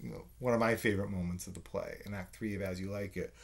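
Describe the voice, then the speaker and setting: A man's voice: low voice, fairly even intonation, quick pace, gravelly. A man giving a conversational literature lecture, full of fillers and "right?" check-ins. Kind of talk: recorded lecture.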